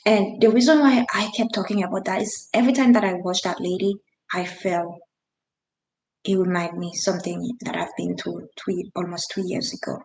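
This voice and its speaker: A woman's voice: fairly low pitch, fairly even intonation, normal speed, creaky, echoey room, poor audio. Earnest woman telling a painful story. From Haiti. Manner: earnest, emphatic, with frequent restarts and non-native grammar. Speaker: vlogger. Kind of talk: personal storytelling to camera.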